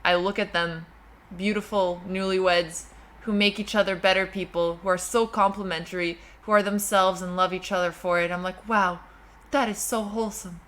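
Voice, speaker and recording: A young woman hosting a livestream, reading viewer messages and chatting casually in a self-deprecating way, quick to laugh. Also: lowish voice, flat delivery, fairly bright tone. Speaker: livestream host.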